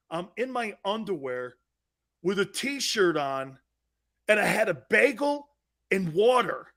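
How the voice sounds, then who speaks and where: Male sports talk host, loud and excitable, bright gravelly voice with big pitch swings. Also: unhurried. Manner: loud, laughing, shouting, mocking asides. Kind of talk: energetic sports talk rant.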